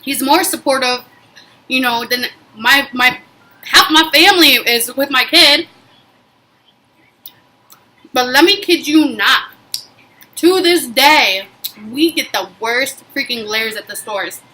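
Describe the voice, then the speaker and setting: A woman's voice: high-pitched, takes it slowly, long pauses, a little hiss or hum, rough recording. A young woman vlogging, telling a personal story in a casual, emphatic way with lots of fillers. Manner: emphatic, animated retelling with frequent fillers.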